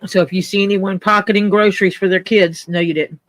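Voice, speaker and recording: A man with a high, bright voice chatting casually and telling stories with dry humor. The sound is close and dry. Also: fairly even intonation, fairly quick, dry recording. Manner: dry, joking storyteller. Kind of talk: casual chat.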